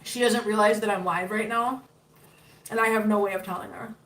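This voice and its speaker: A woman's voice: mid-range voice, steady tone, brisk, fairly bright tone. A fifty-year-old woman hosting a casual livestream, chatting with viewers and cooing at her cats. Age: 50s. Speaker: livestream host. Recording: roomy, picked up from a distance, faint noise.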